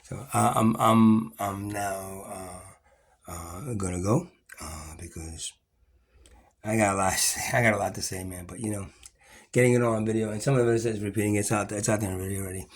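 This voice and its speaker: Profane, rambling man ranting to camera, husky voice, agitated, restarts a lot. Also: lowish voice, normal speed.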